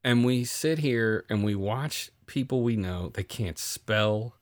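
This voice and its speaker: A man's voice: fairly low pitch, takes it slowly, no echo, studio quality. A man co-hosting a podcast in casual chat, ranting sarcastically and swearing a lot. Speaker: podcast co-host.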